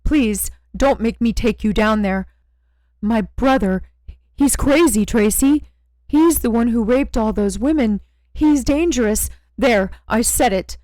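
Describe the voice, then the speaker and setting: A woman's voice: on the high side, lively intonation, a little slow, dry recording. Woman voicing a stammering, frightened young man. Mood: pleading. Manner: stammering, pleading. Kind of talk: audiobook character reading.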